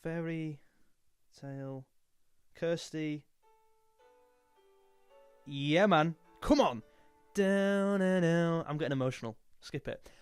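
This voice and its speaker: A man's voice: fairly high pitch, takes it slowly, long pauses, smooth, dry recording, faint music behind. A young man chatting casually and jokily, now and then singing a snatch of a song. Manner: jokey, snatches of sung lines. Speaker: music youtuber. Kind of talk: casual chat.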